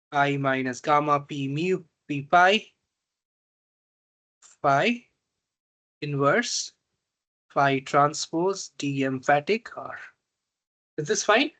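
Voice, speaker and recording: A man teaching a reinforcement learning tutorial, slow and halting, often pausing to check that students follow. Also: a little high, fairly bright tone. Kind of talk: online math tutorial.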